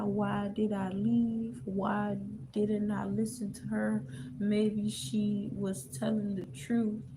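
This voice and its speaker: A woman reading aloud the lines of a grown man who is pleading with his lover, in a low, hushed delivery. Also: noisy background.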